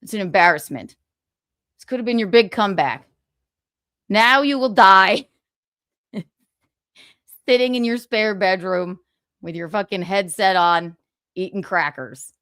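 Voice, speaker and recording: A woman's voice: mid-range voice, expressive, unhurried, pauses often, fairly bright tone, no echo, studio quality. A woman voicing a scornful wife scolding her failed older husband, in a contemptuous, cutting manner.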